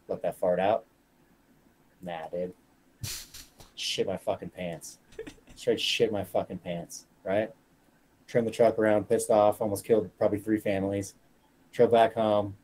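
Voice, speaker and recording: Profane, animated man telling stories. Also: on the low side, unhurried, pauses often, a little hiss or hum. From Colorado. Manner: profane, animated storyteller acting out quotes. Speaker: guest fighter. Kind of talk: casual podcast storytelling.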